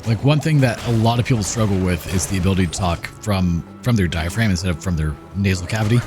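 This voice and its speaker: A man hosting a gaming channel, chatting in a relaxed, rambling way as he comments over gameplay. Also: low voice, fast talker. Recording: game music playing behind. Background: game music.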